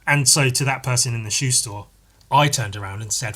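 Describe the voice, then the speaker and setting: Speaking fairly quickly, a man hosts a casual solo podcast in a bright, forward, mid-range voice with a slightly rough edge. His talk wanders, with self-corrections, restarted sentences and plenty of casual swearing.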